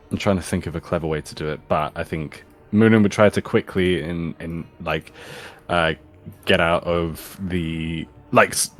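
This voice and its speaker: A young man with a very deep voice speaks slowly as a tabletop player, pausing and hunting for words. Faint music sits in the background. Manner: hesitant, searching for words. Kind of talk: casual tabletop play.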